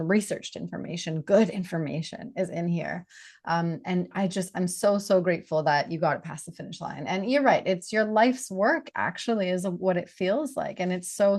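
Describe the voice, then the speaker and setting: A woman's voice: lowish voice, darkish tone. A woman hosting an interview, enthusiastic and affirming, often laughing as she talks. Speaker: host. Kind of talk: casual interview conversation.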